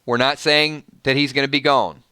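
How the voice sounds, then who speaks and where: A man with a Southern US twang hosts a livestream and rants emphatically at his viewers. His voice is bright and forceful, smooth and crisp. It sounds dry and close. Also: mid-range voice, steady tone, moderate pace, no room sound. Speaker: YouTube channel host. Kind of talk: livestream commentary and ranting.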